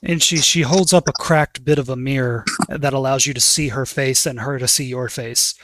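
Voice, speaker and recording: A man's voice: mid-range voice, fairly even intonation, normal speed, fairly bright tone, a little hiss or hum. Casual male game master narrating.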